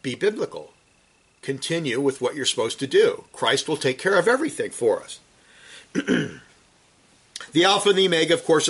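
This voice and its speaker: In a slightly rough voice, a man gives a sermon rooted in scripture. His emphatic delivery surges to forceful peaks, then drops down low and hushed.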